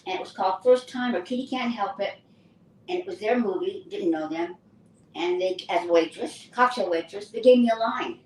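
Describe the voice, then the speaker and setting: An older woman, an actress, recounting her career in a lively, anecdotal interview style. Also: medium pitch, moderate pace, a little hiss or hum. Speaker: actress and guest. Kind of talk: casual interview storytelling. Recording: roomy distant mic with faint ambience.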